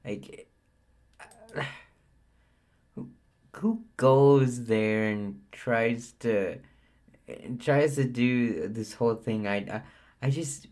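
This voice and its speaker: A man streaming live, reacting to a video with halting, stammering remarks of disbelief. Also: mid-range voice, darkish tone.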